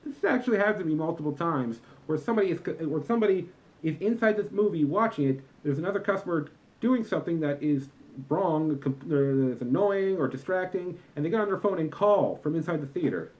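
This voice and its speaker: A young man rants to camera in a comedic vlog, exasperated and lecturing as he stresses every complaint. His voice sits a little high and swings widely in pitch. The sound is dull and lo-fi. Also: lively intonation, brisk, darkish tone. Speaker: vlogger, former movie theater employee.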